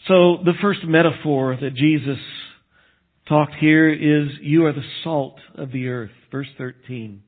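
A man from Texas, a pastor, preaching a sermon in a conversational way and slowing down to stress key phrases. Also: fairly high pitch. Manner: conversational preaching, slows for emphasis. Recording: phone-like narrow band.

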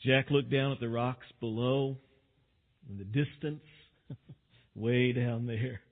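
A male pastor preaching a sermon in an unhurried, folksy way with self-deprecating humor. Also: mid-range voice, fairly even intonation. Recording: tinny phone-like sound.

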